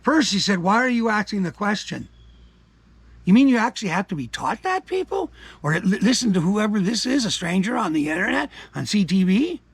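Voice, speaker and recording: An older man from Canada delivers an angry opinion rant, raspy and gravelly with a fairly high-pitched voice. He swears freely and swings from low muttering to loud outbursts. The sound is dry and close. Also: big pitch swings, fairly quick, no room sound. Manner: profane, combative, jumps from mutters to shouts. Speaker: commentary vlogger.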